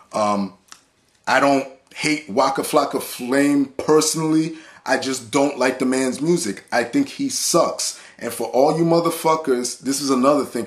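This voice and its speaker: A man ranting to the camera about hip-hop in a blunt, profane, heated way, listing examples and restarting his sentences. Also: mid-range voice. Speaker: hip-hop vlogger and reviewer. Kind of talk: profane unscripted rant.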